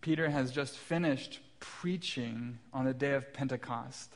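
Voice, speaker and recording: Pastor dad telling a sermon story. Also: male voice, mid-range voice, a little slow. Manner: warm storytelling with self-deprecating humor. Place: church sanctuary.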